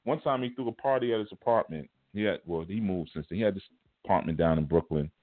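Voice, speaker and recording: Low-voiced man telling stories, phone-quality sound. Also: quick pace. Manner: animated, colloquial, chuckles mid-story. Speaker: spiritual teacher. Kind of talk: casual storytelling lecture. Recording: phone-like narrow band audio.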